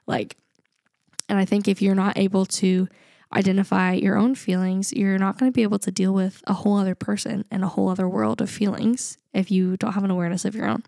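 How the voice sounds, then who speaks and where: A woman's voice: medium pitch, little pitch movement, brisk, gravelly, warm tone, no room sound. Young woman, podcast co-host, earnest, reflective, laughs often, dry. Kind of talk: casual podcast chat.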